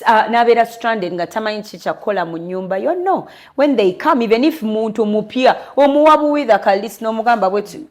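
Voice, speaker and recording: A young Ugandan woman, an interview guest, telling a candid personal story in an earnest, lively way. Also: on the high side, fairly quick, few pauses. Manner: switches between English and Luganda, lively and earnest.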